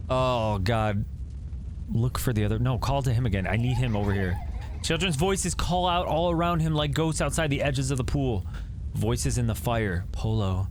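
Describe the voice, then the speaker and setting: A man reading a text adventure aloud and breaking in with jumpy, excitable reactions. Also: mid-range voice, brisk, a little hiss or hum. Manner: reads story text then reacts with jumpy, excitable commentary. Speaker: gaming YouTuber.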